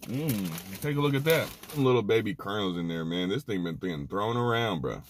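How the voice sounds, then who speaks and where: A man's voice: fairly low pitch, expressive, normal speed, slight background noise. A man hosting a casual snack review vlog, talking with slang and open emotion. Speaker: food reviewer host.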